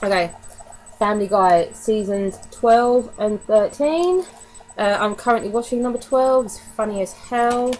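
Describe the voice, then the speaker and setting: A woman's voice: medium pitch, measured pace, a little mellow, slight background noise, poor audio. A woman chatting casually to camera in a DVD haul vlog, candid and given to casual swearing. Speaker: vlogger.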